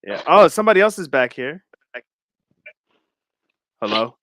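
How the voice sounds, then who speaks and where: A man's voice: on the high side, a little slow, dry recording, clean studio sound. A man hosting a casual podcast, commenting with lots of slang and frequent laughter. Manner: animated, slangy, laughs often. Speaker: podcast host.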